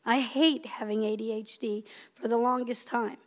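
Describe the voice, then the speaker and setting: A woman in her fifties delivers a sermon in a church, talking to the congregation like friends. Her voice sits a little high, and she builds her points with rising, emphatic repetitions. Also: fairly even intonation, moderate pace. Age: 50s. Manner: personal, conversational preaching with rising emphatic repetitions. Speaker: lay preacher. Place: church sanctuary.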